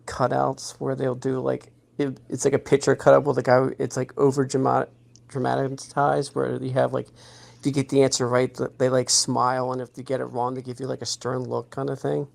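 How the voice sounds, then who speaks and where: A man in a casual podcast chat, telling a work story in a rambling, halting way with many restarts. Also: mid-range voice, completely flat delivery, gravelly, a little mellow.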